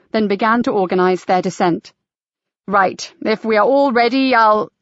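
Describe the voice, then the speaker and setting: A woman narrating a mystery audiobook in a measured, even storytelling manner. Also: medium pitch, no echo, highs cut off.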